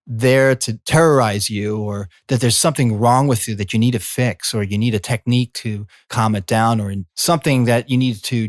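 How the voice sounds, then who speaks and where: A middle-aged man, a coach and former healer, speaking in a slow, soothing reflective monologue. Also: medium pitch, no room sound, clean studio sound. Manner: slow, soothing, drawn-out phrasing. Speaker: coach and former healing practitioner.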